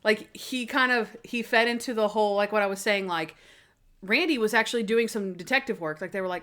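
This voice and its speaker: Animated woman podcast co-host. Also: brisk. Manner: animated, acts out scenes in high squeaky voices. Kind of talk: casual chat.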